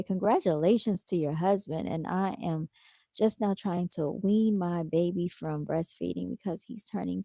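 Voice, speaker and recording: A woman chats with her livestream viewers in a laid-back, tired way, calling them y'all and reading their comments aloud. Her voice sits at an ordinary middle pitch, and the sound is dry, with almost no room echo. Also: vocal fry, warm tone. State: tired, yawning. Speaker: livestream host. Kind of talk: casual livestream chat.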